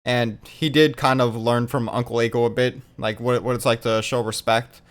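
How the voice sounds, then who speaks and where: A man with a smooth, resonant voice, chatting casually in a fan discussion. He talks in quick animated bursts, full of fillers and casual swearing, sitting at a middle pitch.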